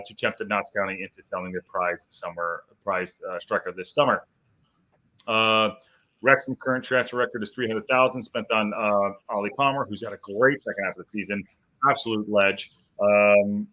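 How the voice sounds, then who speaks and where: A man's voice: on the low side, sharp tone. A man hosting a live football podcast, chatting loosely and reading articles aloud with rambling asides. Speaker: podcast host. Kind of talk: live-stream podcast chat.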